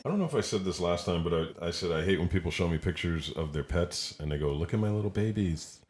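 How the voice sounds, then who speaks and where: A man's voice: low-pitched, fast talker, a little hiss or hum. A man co-hosting a comedy podcast in casual chat, rambling and self-deprecating. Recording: echoey room.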